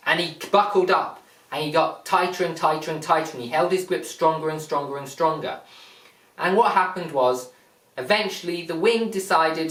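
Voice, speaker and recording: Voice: medium pitch, moderate pace, fairly bright tone. A motivational speaker explaining a point plainly and emphatically, retelling a fable with lots of repetition. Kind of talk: motivational talk with a retold fable. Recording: echoey room, mic far off.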